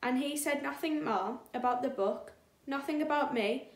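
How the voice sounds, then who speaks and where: A woman's voice: high voice, moderate pace, pitched above the performer's own voice. A woman voicing a surly, scheming male robber in a children's story, grunting and stammering. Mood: guarded. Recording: echoey room.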